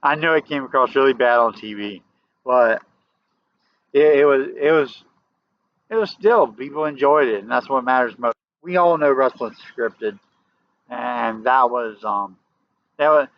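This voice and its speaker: A man's voice: medium pitch, measured pace. A man with a Southern US accent, telling a rambling story to camera in a casual vlog, often restarting and turning emphatic. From American South. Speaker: vlogger. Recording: dull lo-fi audio.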